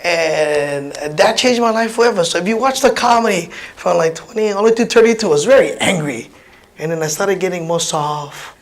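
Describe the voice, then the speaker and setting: A man in his fifties from Hawaii with a Pidgin-tinged accent, a comedian telling personal stories in an animated, chatty keynote speech. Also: sits high, fairly quick, a little hiss or hum, rough recording. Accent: Hawaiian Pidgin-tinged English. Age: 50s. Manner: animated, chatty, many restarts and laughs.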